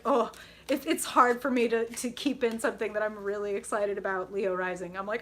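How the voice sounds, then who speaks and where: Bubbly bright-voiced woman tarot reader. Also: mid-range voice, brisk, slight background noise. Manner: bubbly, gushing, reacts to chat with excited squeals. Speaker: tarot reader hosting a live stream. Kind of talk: live-stream tarot reading and chat.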